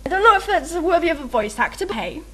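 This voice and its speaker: A woman's voice: very high-pitched, sing-song, fast, bright, forceful tone. Giggly, rambling young woman. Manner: rambling, giggly, self-mocking, lots of fillers. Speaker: video maker answering a meme questionnaire. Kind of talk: casual chat.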